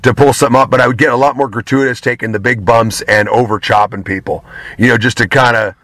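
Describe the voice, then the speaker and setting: A man speaking as an interview guest, candid and loose, drifting from point to point and swearing in passing. His voice is bright and forceful. The sound is dry, with no room around it. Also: mid-range voice, steady tone, fast talker, no room sound. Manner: candid, rambling, swears casually. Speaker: guest, pro wrestler. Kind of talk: casual interview talk.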